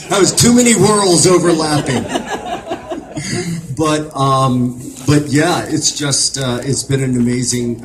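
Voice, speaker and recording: A man's voice: medium pitch, slight background noise, low-quality recording. A man from Virginia, a guest on a fan convention panel, telling stories and acting out what others said. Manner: animated, acts out the lines of others in the story.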